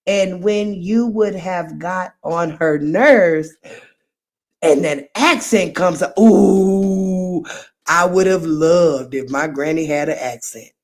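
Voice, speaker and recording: A middle-aged woman hosts a livestream and chats with her viewers. She talks slowly and lets her words stretch out. She is playful and animated, and often breaks into laughter at her own jokes. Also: fairly low pitch. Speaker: livestream host. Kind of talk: casual chat reacting to viewer comments.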